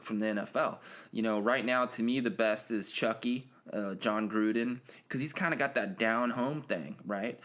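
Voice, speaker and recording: A man's voice: fairly low pitch, fairly bright tone. A man hosting a solo podcast, talking casually and rambling with many fillers and restarts. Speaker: podcast host.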